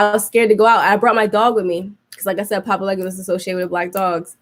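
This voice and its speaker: A woman's voice: mid-range voice, little pitch movement, fast talker, fairly bright tone. A young woman hosting a podcast, telling a story in casual chat, full of fillers and restarts, acting out her own reactions. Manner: rambling, many fillers and restarts. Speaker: podcast host.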